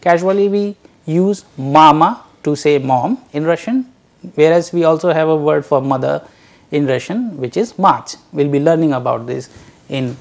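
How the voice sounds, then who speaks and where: A gravelly, darkish voice on the high side belongs to a man teaching a recorded language lecture. Addressing dear learners, he drills words and syllables with slow care.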